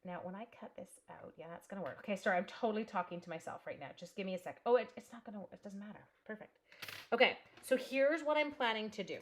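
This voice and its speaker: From her home craft room, a talkative woman leads a live tutorial at a quick pace in a mid-range voice. She muses aloud as she crafts and says hello to viewers by name.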